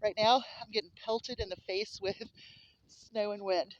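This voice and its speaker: Out in a windy snowstorm and then in a coop, a homesteading woman talks casually to her handheld camera, a little breathless from the wind. She coos lovingly at her animals in a steady, mid-range voice at a moderate pace, and the sound is lo-fi.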